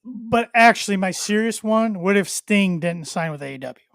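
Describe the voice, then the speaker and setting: A man's voice: high-pitched, lively intonation, normal speed, creaky, fairly bright tone, dry recording, studio quality. A man hosting a wrestling podcast, giving firm opinions and teasing his co-hosts in casual chat. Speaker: podcast host.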